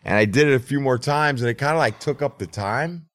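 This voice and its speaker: A man's voice: mid-range voice, brisk, fairly bright tone, dry recording, studio quality. A middle-aged man telling a story in casual podcast chat, laid-back and profane. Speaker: podcast host.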